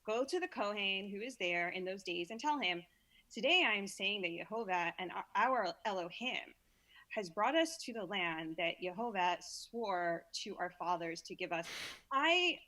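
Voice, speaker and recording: This Brooklyn, New York woman is a guest reader on a podcast, chatting casually and reading scripture aloud with small stumbles and repeats. Her voice sits at medium pitch with an expressive, sharp tone, and she speaks at a moderate pace.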